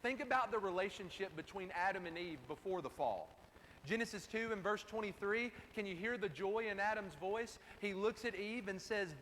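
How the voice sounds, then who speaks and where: A man's voice: high voice, moderate pace, sharp tone, slight background noise. A man preaching a sermon in an emphatic way, repeating key phrases, recorded in a church sanctuary. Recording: distant, reverberant hall with faint ambience.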